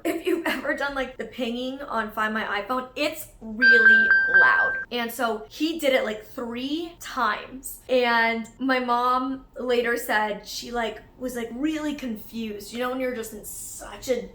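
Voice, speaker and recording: A woman in her twenties, a YouTube host, telling a story to camera in a chatty, animated way full of "like" fillers. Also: on the high side, measured pace, hardly any pauses, slight background noise. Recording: echoey room.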